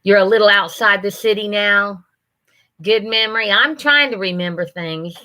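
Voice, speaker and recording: Chatty sixties woman with bright voice. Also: mid-range voice, normal speed, poor audio. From Ohio, USA. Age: 60s. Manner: chatty, folksy, addresses viewers by name. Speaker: livestream host. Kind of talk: casual chat reading viewer comments.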